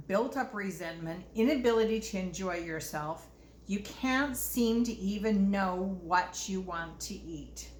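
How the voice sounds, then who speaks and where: A woman's voice: fairly low pitch, slight background noise. Earnest older woman in an echoey room. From Utah, US. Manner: earnest, reflective, shares personal stories. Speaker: host. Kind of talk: casual self-help talk. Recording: echoey room with faint ambience.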